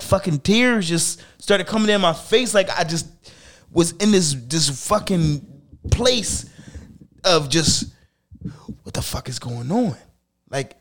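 A middle-aged man hosting a podcast, talking candidly and emphatically with lots of swearing, dropping low and quiet, then rising loud. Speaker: podcast host.

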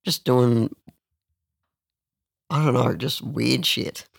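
Young aussie guy rambling through a story, gravelly voice, dry close sound. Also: medium pitch, steady tone, slow pace, no echo. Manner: rambling, crude, with lots of restarts. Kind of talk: casual storytelling chat.

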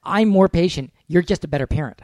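A man's voice: on the high side, lively intonation, fairly quick, darkish tone, no room sound. A man co-hosting a podcast in casual chat, self-deprecating and playful, laughing often. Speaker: podcast co-host.

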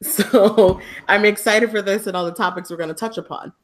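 A woman co-hosting a podcast live, chatting in an upbeat, excitable way and laughing easily. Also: medium pitch, normal speed. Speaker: podcast co-host. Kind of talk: casual live-stream chat.

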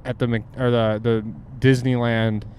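A man's voice: mid-range voice, little pitch movement, normal speed, darkish tone. Brief: easygoing young guy, casual car-ride banter, swears freely, faint road noise. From Southern California. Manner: laid-back, swearing, laughing, trailing off. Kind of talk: casual chat with a friend. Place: inside a moving car.

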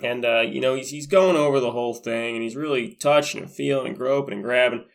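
A man co-hosting a podcast, recapping a show in a crude, rambling, deadpan way. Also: medium pitch, a little fast, vocal fry. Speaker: podcast co-host. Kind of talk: casual comedic recap.

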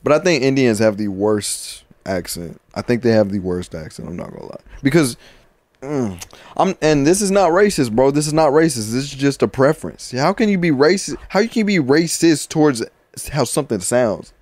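A man's voice: mid-range voice, moderate pace, dry recording. A man co-hosting a podcast, talking in loose, profane, joking banter. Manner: loud, joking, profane, animated. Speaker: podcast co-host.

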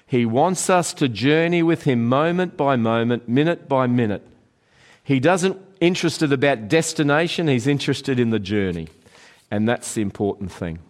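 A middle-aged pastor delivers an earnest sermon in a mid-pitched voice. He often slows down and softens to a near hush on key phrases, then picks up again. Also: animated. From Australia.

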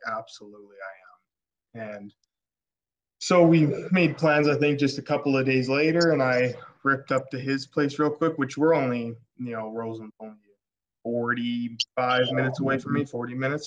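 A man from Alberta, Canada, a podcast guest telling a story in casual chat, excitable and rambling with many restarts. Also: mid-range voice. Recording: dull lo-fi podcast audio.

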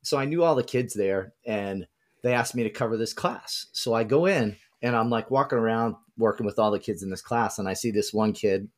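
A man co-hosting a podcast, telling a story in a laid-back, wry, deadpan way. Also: lowish voice, a little fast. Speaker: podcast co-host. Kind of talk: casual storytelling.

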